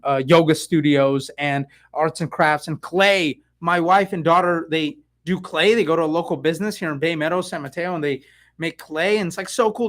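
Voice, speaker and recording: A middle-aged man from the San Francisco Bay Area, a real estate agent rambling excitedly in a casual live stream with lots of fillers and asides. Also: a little high.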